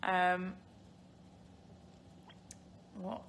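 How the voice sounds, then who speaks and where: Speaking extremely slowly in a lowish, monotone voice with a fairly bright tone, this young English actress answers fan questions during a casual phone livestream. She laughs a lot and uses filler words, and a little hiss or hum can be heard.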